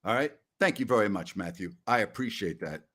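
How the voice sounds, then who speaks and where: A man's voice: on the low side, animated, a little fast. A middle-aged man hosting a sports talk stream, chatting casually in a rambling, blustery way. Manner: rambling, blustery, breaks into loud mock rants. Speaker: sports talk show host. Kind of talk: casual live-stream chat.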